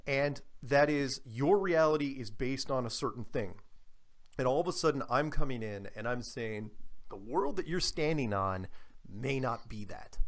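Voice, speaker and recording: A man talking as a guest on a radio interview, telling animated stories with many restarts. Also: mid-range voice. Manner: animated storyteller, frequent restarts. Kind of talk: casual radio interview chat.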